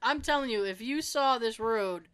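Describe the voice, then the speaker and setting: A woman chatting casually, telling an animated story, laughing often and acting out the people she quotes. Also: a little high, moderate pace, clear, resonant tone.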